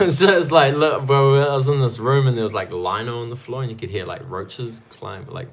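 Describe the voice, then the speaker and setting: A man's voice: mid-range voice, moderate pace. A young man, a kickboxer guest chatting casually on a podcast, laughing often and swearing freely. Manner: laid-back, laughs often, swears a lot.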